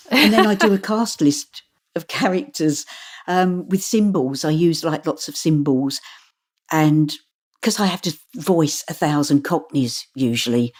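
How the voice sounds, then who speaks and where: A woman who works as an audiobook narrator, chatting casually in an interview, animated and laughing often. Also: low-pitched, a little slow.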